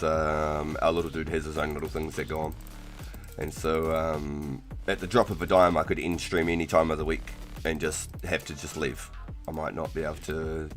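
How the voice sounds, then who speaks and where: A young man with a New Zealand accent talks in a low, deep register, rambling casually with plenty of "like"s. Faint music plays underneath his voice. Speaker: streamer. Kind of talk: casual live-stream chat.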